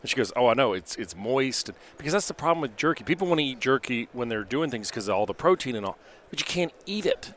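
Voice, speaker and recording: A man hosting an interview, chatting casually and backing up his guest with quick agreement. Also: mid-range voice, lively intonation, a bit bright, a little hiss or hum. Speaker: podcast host, performance coach.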